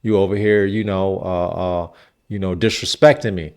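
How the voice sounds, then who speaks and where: A man's voice: low voice, steady tone, normal speed, smooth, pitched below the performer's own voice. A man voicing a brash, streetwise woman politician who holds a grudge and scolds in slang. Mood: defiant.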